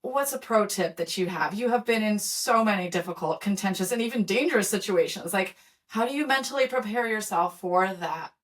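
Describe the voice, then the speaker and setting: A woman's voice: medium pitch, brisk. A middle-aged woman hosting an interview, talking casually with many fillers and restarts. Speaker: podcast host.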